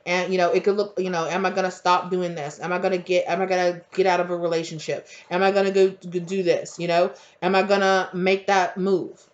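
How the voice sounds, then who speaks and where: A woman's voice: lowish voice, flat delivery, fairly quick, few pauses. A woman giving a casual spiritual tarot reading, rambling with lots of fillers and restarts. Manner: rambling, filler-heavy, conversational. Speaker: tarot reader. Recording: dull lo-fi audio.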